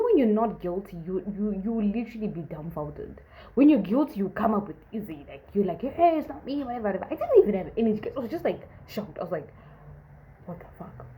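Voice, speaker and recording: A young woman from Zimbabwe casually telling a storytime tale, acting out the other people's lines with big jumps in her voice. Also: poor audio. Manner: animated, acts out quotes with big pitch jumps. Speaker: vlogger.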